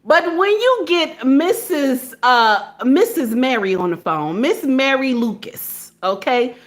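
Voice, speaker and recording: A woman speaking in a casual monologue, blunt and animated, acting out phone calls and driving points home with repeated "okay?". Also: sits high, slow pace. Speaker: social media commentator.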